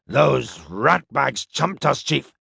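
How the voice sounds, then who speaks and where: A man voicing a rough male spaceship crewman, talking in a slow, blunt way with informal slang. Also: medium pitch, expressive, sharp tone, no echo, studio quality, heavily acted. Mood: puzzled.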